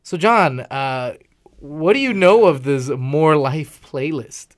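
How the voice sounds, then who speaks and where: Brief: upbeat male host, slightly raised voice, reacts loudly and laughs a lot. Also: a little high. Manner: excitable, laughs often, quick interjections. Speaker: podcast host. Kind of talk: casual music review chat.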